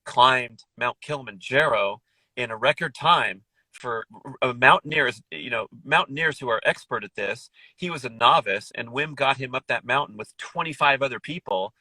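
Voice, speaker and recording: A man's voice: mid-range voice, normal speed, bright, forceful tone, dry recording, low-quality recording. A middle-aged man guesting on a podcast, talking enthusiastically in a rambling, casual way with frequent restarts. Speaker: podcast guest, wellness author.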